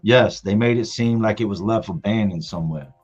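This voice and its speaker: A middle-aged man with a low, husky voice tells a story from his family on a casual live stream. He leans on his words and repeats them for effect. The sound is dull and lo-fi, with faint music underneath. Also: brisk, a little mellow. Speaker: father telling a family story.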